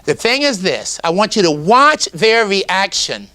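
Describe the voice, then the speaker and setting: A middle-aged man, a teacher trainer, giving an exuberant, emphatic talk to camera with hums and drawn-out words. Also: high voice, big pitch swings, pushed and bright.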